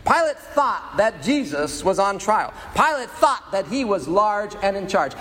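A pastor with a strikingly high, slightly bright voice preaches a dramatic sermon, using slow, weighty pauses, rhetorical questions, and sound effects. A long reverb follows his voice, as in a big hall.

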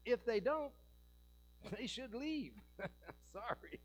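A male pastor preaching in a church, his voice sitting high for a man. He keeps things animated, tossing jokes and rhetorical questions to the congregation. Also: very slow, rough recording. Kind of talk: sermon.

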